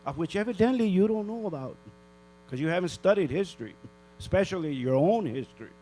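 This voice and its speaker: An older man from northern New Mexico stands at a public comment microphone in a council chamber, scolding the officials with indignant rhetorical questions. His voice sits fairly high for a man. A steady electrical hum runs under the recording. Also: brisk, poor audio.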